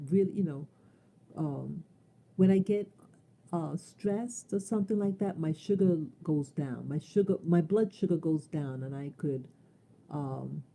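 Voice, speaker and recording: Slow, dark-voiced woman speaking bluntly. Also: low-pitched. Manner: emphatic and blunt, repeats key phrases; swears freely. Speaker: live streamer. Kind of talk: unscripted live stream monologue.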